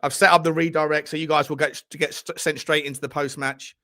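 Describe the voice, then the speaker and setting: High-voiced man ranting at football. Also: little pitch movement, fast, pushed and bright. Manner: furious, swearing ranting. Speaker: football fan channel host. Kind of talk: live football watchalong commentary.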